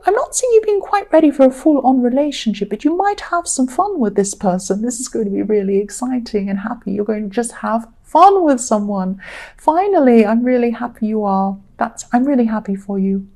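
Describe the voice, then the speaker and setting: A woman reads tarot cards straight to her viewers in a gentle, reassuring way, often pausing on an um and repeating what she is seeing. Her voice sits a little high but sounds warm and mellow. She is tired, so there is a slight croak. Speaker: tarot reader. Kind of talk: solo tarot reading to camera.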